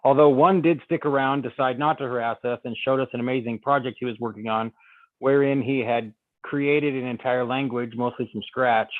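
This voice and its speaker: An easygoing male co-host chats and laughs on a podcast. His voice sits in a middle pitch, and it sounds dry and close with no room echo. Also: steady tone, normal speed, narrow, tinny audio. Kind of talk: casual chat.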